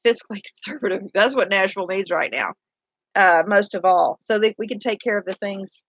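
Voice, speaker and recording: Sounding tired, a middle-aged city council candidate talks casually and earnestly in a somewhat bright, mid-range voice, a little fast. She rambles and keeps restarting her sentences throughout the monologue, recorded with dull, dry, lo-fi sound.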